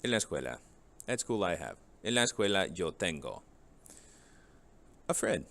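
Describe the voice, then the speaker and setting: A man's voice: low-pitched, big pitch swings, moderate pace, a bit bright. A man teaching a Spanish vocabulary lesson, reading each English word and then its Spanish match, and asking the class rhetorical questions.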